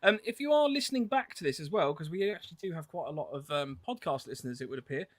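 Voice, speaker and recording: A man's voice: on the high side, fast talker, no room sound. A man hosting a podcast, chatting casually and rambling with lots of ums. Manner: relaxed, rambling, with frequent ums. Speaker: podcast host.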